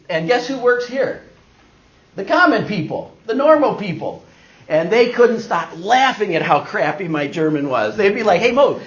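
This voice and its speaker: A middle-aged man giving a talk, telling a personal story to an audience and acting out the people he quotes. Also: on the high side. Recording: dull lo-fi recording.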